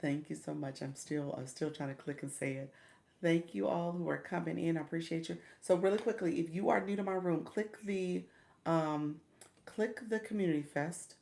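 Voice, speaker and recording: Middle-aged female streamer-coach, low and very fry-heavy, chatty and encouraging, greets viewers by name. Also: moderate pace, warm tone. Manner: encouraging, coaching tone with repeated "okay?". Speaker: livestream host and coach. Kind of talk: casual livestream chat.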